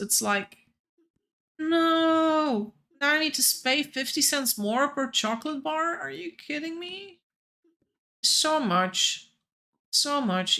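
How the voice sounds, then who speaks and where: A woman's voice: high-pitched, pushed and bright. A woman streaming a game, chatting casually and playfully with the other players and her viewers.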